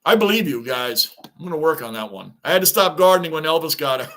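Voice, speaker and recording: High-voiced man reacting live to baseball. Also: animated, fairly quick, pushed and bright. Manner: chatty, reads viewer comments aloud, frustrated fan. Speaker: live stream reaction host. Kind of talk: casual live reaction commentary.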